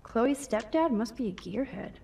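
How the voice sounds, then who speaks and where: A woman voicing a thoughtful teenage girl in a video game, talking in a dry, quietly sarcastic inner monologue. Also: on the high side, expressive, moderate pace, vocal fry, slight background noise. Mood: wry.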